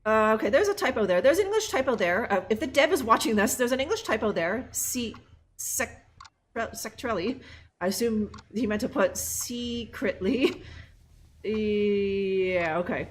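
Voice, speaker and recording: A chatty woman streaming a game live, joking with her chat and reading lines aloud. Her voice is fairly high and very lively, bouncing all over the place. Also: measured pace, a little hiss or hum. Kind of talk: casual live game commentary.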